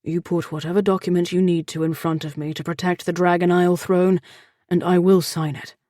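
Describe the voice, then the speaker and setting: A woman voicing a gruff but tender barbarian man, speaking in a low, roughened, earnest way. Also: flat delivery, fairly quick, dark tone, no echo, studio quality, close to an everyday voice.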